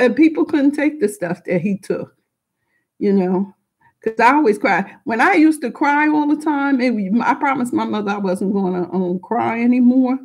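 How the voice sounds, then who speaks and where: A woman's voice: fairly high pitch, a little mellow, breathy edge. A middle-aged woman telling a personal story to a group, frank and emotional, rambling with many restarts and asides.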